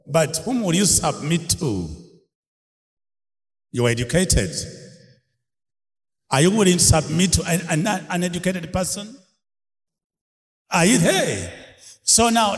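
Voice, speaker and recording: A man preaching a sermon, laughing often and calling out questions to his congregation. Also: high-pitched. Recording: long hall reverb.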